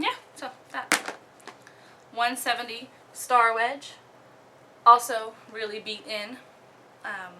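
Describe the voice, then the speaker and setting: A young woman from Oklahoma casually talking through her disc golf bag, relaxed, with many ums and the odd giggle. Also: mid-range voice, a little hiss or hum. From Oklahoma, USA. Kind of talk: casual show-and-tell.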